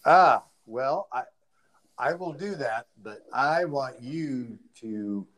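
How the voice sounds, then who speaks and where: A man co-hosting a podcast, speaking earnestly and deliberately in casual conversation. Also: mid-range voice, lively intonation, a bit bright, slight background noise. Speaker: podcast co-host.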